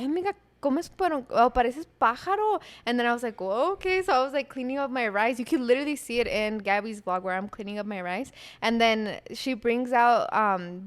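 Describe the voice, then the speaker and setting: A woman's voice: a little high, smooth. A young woman co-hosting a podcast, chatting casually and telling stories with lots of fillers and laughs. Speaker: podcast co-host. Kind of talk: casual chat.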